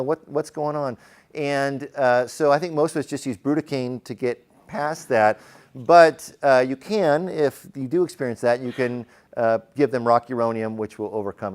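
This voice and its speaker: A man teaching a class on emergency medicine, lecturing in a conversational way, asking the room questions and using frequent fillers. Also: medium pitch.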